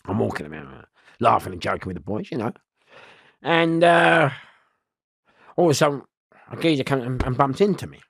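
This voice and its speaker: A man tells prison stories as an interview guest. He is loud and rambling, and laughs often. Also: mid-range voice, animated, fairly quick, creaky, long pauses, husky, no echo, studio quality. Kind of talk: storytelling in a podcast interview.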